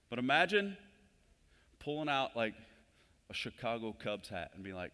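A pastor giving a conversational sermon in a church. His delivery swells louder and higher whenever he stresses a point. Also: very animated, moderate pace, long pauses. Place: church sanctuary. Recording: long hall reverb.

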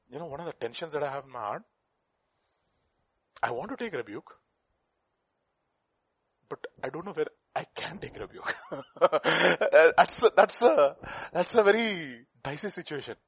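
A man preaching a sermon, swinging between loud bursts and hushed asides. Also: on the high side, very animated, a little slow, long pauses, slightly rough, dry recording.

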